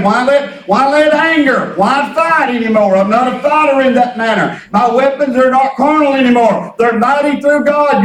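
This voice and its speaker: A middle-aged male pastor preaching in a folksy, repetitive way, his voice pitched very high for a man. He sounds distant from the mic in an echoey room. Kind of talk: sermon.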